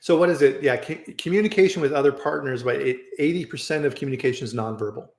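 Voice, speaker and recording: A man's voice: medium pitch, fast. Talkative man on an echoey video call. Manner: animated storyteller, repeats "right?". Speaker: host. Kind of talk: casual live-stream chat. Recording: roomy echo.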